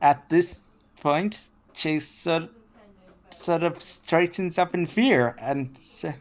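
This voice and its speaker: A woman with a low voice narrates a tabletop game as game master. She talks slowly, pausing and restarting as she goes. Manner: slow, halting narration with restarts.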